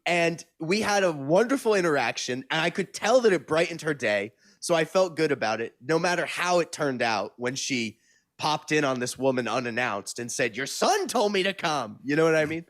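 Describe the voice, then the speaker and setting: A man's voice: a little high, lively intonation, normal speed, a bit bright, dry recording, studio quality. A young man co-hosting a casual comedy podcast, telling rambling stories and swearing freely. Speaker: podcast co-host.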